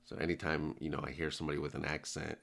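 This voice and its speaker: Casting: deep-voiced American man, gravelly, relaxed reaction host. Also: very fast. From United States. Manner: easygoing, chatty, with many fillers. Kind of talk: casual reaction commentary.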